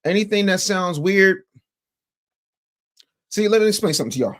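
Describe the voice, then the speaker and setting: Animated, sarcastic American man hosting. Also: sits high, moderate pace. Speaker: morning news show host. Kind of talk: casual livestream commentary, reading chat.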